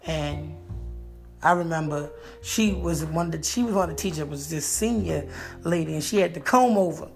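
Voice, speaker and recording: Brief: a man spinning a funny personal story, playful and animated, with a gravelly edge. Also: a little high, moderate pace, over music. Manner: animated, playful, jokey delivery.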